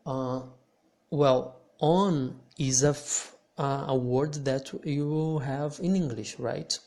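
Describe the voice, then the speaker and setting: A man teaching pronunciation in English, patient and pausing with restarts. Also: mid-range voice, dark tone. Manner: patient, hesitant restarts, repeats words for practice. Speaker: language teacher. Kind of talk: slow explanatory lesson.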